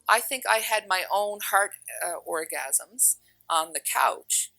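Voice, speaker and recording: A woman giving a casual spiritual talk, telling stories with lively acted-out quotes. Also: medium pitch, vocal fry, no room sound, low-quality recording. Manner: animated storyteller, acts out quotes. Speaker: spiritual teacher.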